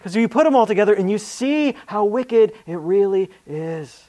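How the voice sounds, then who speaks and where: Male preacher with a high voice, earnest delivery, reads scripture with emphasis. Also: animated, normal speed, mellow. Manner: repeats words and restarts mid-phrase. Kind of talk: sermon.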